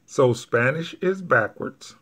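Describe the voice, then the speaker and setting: Male Spanish teacher, mid pitch, very slow, patient and repetitive with his class. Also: animated, fairly bright tone, slightly rough. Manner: patient, repeats each point step by step. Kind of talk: classroom grammar explanation.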